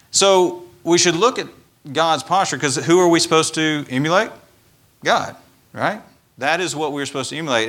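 A man preaching a sermon in a conversational, animated way, acting out quoted asides. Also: fairly high pitch. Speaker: pastor.

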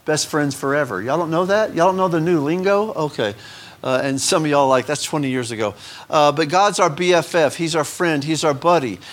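Folksy preacher, higher voice. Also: male voice. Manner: folksy and joking, asks the congregation questions. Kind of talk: sermon.

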